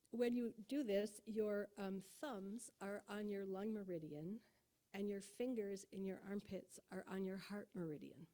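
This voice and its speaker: A woman guiding a meditation in a church, talking gently and sometimes dropping into a whisper. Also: medium pitch. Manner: gentle, soft-spoken, often whispered. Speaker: meditation leader. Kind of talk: guided meditation. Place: church sanctuary.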